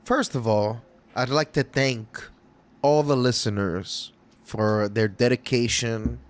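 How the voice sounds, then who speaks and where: A man's voice: medium pitch, steady tone, takes it slowly. Jokey man thanking listeners. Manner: jokey, playful. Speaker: podcast co-host. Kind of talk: casual chat.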